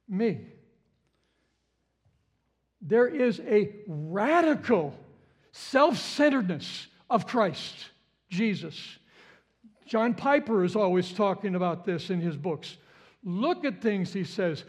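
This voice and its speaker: A man with a high, light voice delivers a sermon as a pastor. He builds with repetition, leans on phrases again and again, and breaks into sudden sharp exclamations. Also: animated, unhurried. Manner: impassioned, repeats phrases, jumps to high exclamations.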